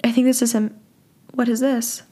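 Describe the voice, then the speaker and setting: A woman's voice: on the high side, flat delivery, moderate pace, mellow. A young woman hosting a podcast, telling a story in a candid, casual way, laughing often and swearing freely. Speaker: podcast host.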